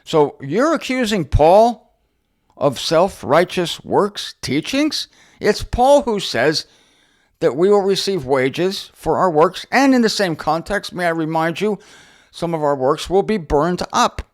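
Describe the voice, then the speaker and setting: A middle-aged man teaching the Bible in an unscripted monologue, sarcastic and animated as he answers objectors directly. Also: high-pitched, slow pace. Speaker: Bible teacher and show host.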